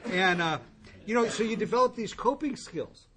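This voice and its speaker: A man's voice: sits high, expressive, moderate pace, fairly bright tone. A man telling his own recovery story to a group, candid and wry, with asides to the listeners. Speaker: recovery speaker.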